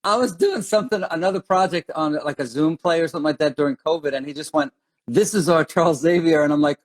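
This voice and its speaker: Older man, actor guest, rapid chatty talk, slightly high voice. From Los Angeles and New York. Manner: quick, chatty storyteller. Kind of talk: casual video call interview.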